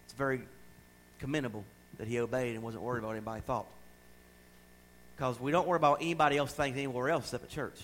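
A middle-aged man preaching a sermon, emphatic and loud at times, then dropping into quiet asides. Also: mid-range voice, fairly even intonation, rapid-fire, long pauses, a little hiss or hum, low-quality recording. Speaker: pastor.

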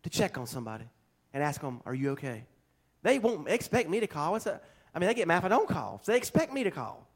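A man with a high, light voice preaches to his congregation in a relaxed, homespun way. He jokes and drifts into chatty asides as he talks. It sounds like a pastor at a Sunday service. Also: fast talker. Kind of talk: folksy conversational sermon. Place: church service.

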